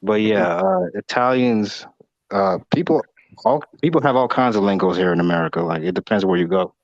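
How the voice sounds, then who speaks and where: A man from North Carolina chatting in a relaxed, jokey way on a live boxing stream. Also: fairly low pitch, brisk, no echo, highs cut off. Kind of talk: casual live-stream chat.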